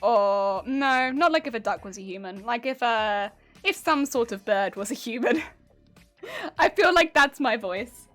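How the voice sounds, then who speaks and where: While machine embroidering on stream, a woman makes relaxed conversation with viewers, laughs a lot, and pokes fun at how grating and honking she sounds. Her fairly high, somewhat bright voice has lively intonation and an unhurried pace, backed by soft music.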